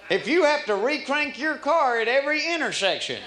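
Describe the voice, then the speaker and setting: Male comic, folksy drawling delivery, high and animated, live club room with a laughing crowd. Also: normal speed, few pauses. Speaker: stand-up comedian. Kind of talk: stand-up routine. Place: comedy club stage. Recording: live club recording, roomy, audience noise. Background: audience laughter.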